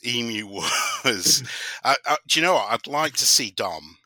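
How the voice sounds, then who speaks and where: A man's voice: mid-range voice, very animated, unhurried, pushed and bright, no echo. A man co-hosting a podcast in casual banter, joking and laughing often. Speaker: podcast co-host.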